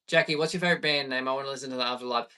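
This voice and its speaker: An Australian man in his thirties, a bass player chatting easygoing with viewers on a live stream. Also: steady tone, rapid-fire, sharp tone, recorded from a distance. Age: 30s. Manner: chatty and easygoing, reading viewer questions aloud.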